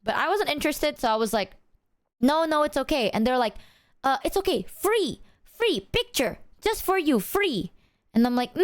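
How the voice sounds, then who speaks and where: A young woman streaming, her voice sitting a little high and recorded dry and close. She tells her story to chat loosely and animatedly. Fillers and casual swearing spill out as she goes. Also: no room sound.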